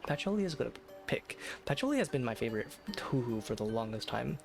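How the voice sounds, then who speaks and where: A man's voice: mid-range voice, big pitch swings, fast, vocal fry, music in the background. A man streaming late at night, chatting casually in a rambling, self-deprecating way with lots of fillers and restarts. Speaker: VTuber streamer. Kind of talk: casual live-stream chat.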